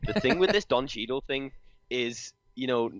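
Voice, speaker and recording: A man's voice: medium pitch, animated, normal speed, dry recording, muffled recording. A man with an English accent speaking bluntly in a casual podcast chat, swearing freely. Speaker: podcast co-host.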